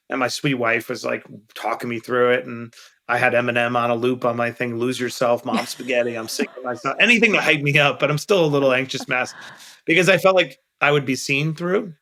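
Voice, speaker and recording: Middle-aged New man, podcast guest, candid and earnest, gravelly voice with a bright, forceful edge. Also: mid-range voice. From Queens, New York. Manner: candid, earnest storyteller who stresses key points. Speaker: guest investor. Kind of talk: podcast interview storytelling.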